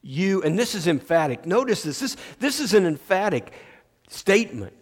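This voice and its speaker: A man preaching a sermon as pastor, slow and emphatic, restarting his phrases often. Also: sits high, sing-song. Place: church sanctuary. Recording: long church reverb.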